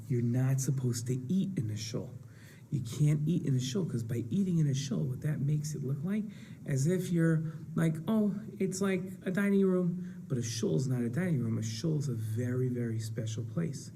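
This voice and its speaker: A man explains rules to children in a very dark, mellow voice. His manner is casual and explanatory, and he asks rhetorical questions along the way. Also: fairly high pitch, slight background noise. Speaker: teacher.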